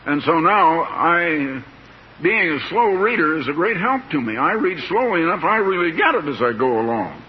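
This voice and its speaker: An older man preaching a sermon in a slow, plain-spoken, folksy way, stretching out words for emphasis. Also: a little high, sing-song, breathy edge. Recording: dull lo-fi tape with faint hiss.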